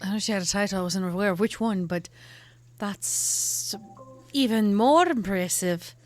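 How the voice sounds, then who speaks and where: A woman's voice: medium pitch, normal speed, soft background music. A woman with an Irish accent, playing a tabletop role-play game and teasing the others. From Ireland. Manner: playful, teasing, lively banter. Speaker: player.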